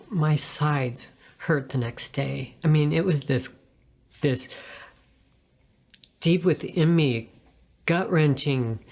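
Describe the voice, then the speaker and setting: A woman sharing a personal faith testimony in an earnest, reflective way, with pauses and restarts. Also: low voice, a little mellow.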